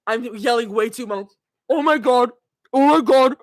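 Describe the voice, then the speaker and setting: A young woman streaming a live fan fiction reading, shrieking, laughing and talking over herself in excitement. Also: a little high, moderate pace, no echo, studio quality.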